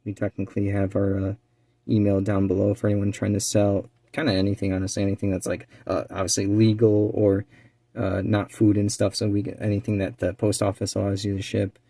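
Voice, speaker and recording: Chill guy rambling as he works, lowish mellow voice, dry close sound. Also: fairly quick, no echo. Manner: rambling, relaxed, many fillers; drops to a quiet near-whisper while focusing. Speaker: eBay reseller and channel co-host. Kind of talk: casual chat while doing a craft task.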